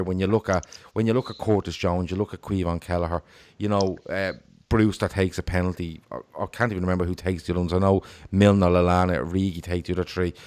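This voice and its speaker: A man's voice: low-pitched, a little mellow. A man hosting a casual football podcast, talking animatedly and reading out viewer comments. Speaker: podcast host.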